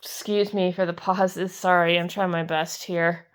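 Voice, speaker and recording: Giggly woman with a smooth voice. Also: fairly low pitch, little pitch movement, a little slow. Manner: chatty and giggly, gushing over cute cards. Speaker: card-collecting video host. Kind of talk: casual pack-opening commentary.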